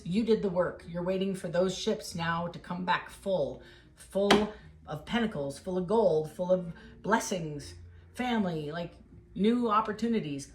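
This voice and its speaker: A woman giving a casual tarot reading, talking straight to the viewer in an encouraging, emotional way. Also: mid-range voice. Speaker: tarot reader.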